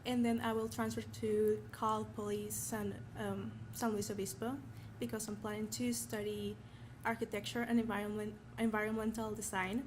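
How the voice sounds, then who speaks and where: Teen student from Mexico, Mexican accent, flat-toned and nervous at a noisy school event. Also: female voice, mid-range voice, moderate pace. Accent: Mexican Spanish. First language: Spanish. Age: teens. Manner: nervous, apologetic, earnest. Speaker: honored student. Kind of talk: award acceptance speech.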